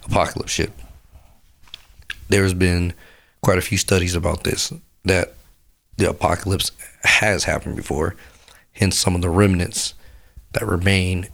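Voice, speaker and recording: A man's voice: sits low, gravelly, fairly bright tone. A sick man with a sore throat, rambling crudely and profanely as a podcast host. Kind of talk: rambling casual monologue.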